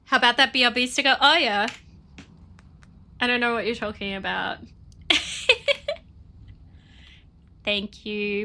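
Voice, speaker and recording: A young woman streams a game and chats bubbly with her viewers. Her nose is stuffy and she sniffles between lines. Her voice is bright and a little high, and she talks at a slow, easy pace. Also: fairly even intonation. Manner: chatty, bubbly, talks to chat. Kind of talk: casual live-stream chat.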